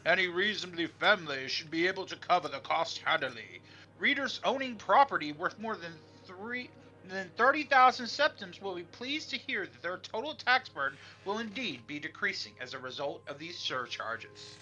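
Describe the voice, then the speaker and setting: Smug rich lady banker, deep voice, a touch halting; a man doing it. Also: expressive, pushed and bright, full character voice, low-quality recording. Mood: dismissive. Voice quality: deep put-on voice. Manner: reads aloud haltingly. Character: wealthy woman bank director, smug.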